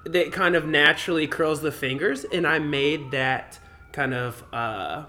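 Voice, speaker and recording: A man's voice: a little high, unhurried, bright, forceful tone, a little hiss or hum. Brief: easygoing male yoga teacher, podcast co-host, drops jokey asides. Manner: laid-back, jokey asides. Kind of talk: casual movie discussion.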